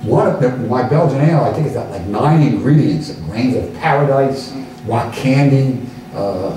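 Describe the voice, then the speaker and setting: Older New York-accented man, mellow voice, guest speaker, heard from afar in an echoey hall. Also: medium pitch, expressive, normal speed, distant mic, a little hiss or hum. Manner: chatty, rambling, frequent restarts. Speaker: guest lecturer. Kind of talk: informal lecture with audience questions.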